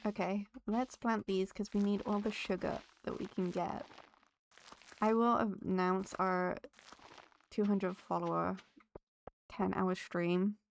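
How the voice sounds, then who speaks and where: A woman's voice: medium pitch, level tone, slow, gravelly, long pauses, a little hiss or hum. A woman streaming a farming game, chatting casually with her viewers and laughing often. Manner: chatty, giggly, talks to chat and the game. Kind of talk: casual live-stream chat while playing.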